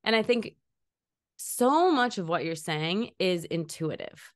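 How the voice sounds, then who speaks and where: Podcast host lady, lowish voice, animated, does little voices in her stories. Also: slow pace. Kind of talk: casual podcast conversation.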